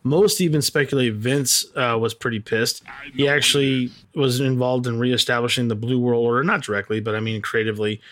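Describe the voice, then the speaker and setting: A man co-hosting a podcast, telling a story in a relaxed, slangy way. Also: mid-range voice, a little fast. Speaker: podcast co-host. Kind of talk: casual chat.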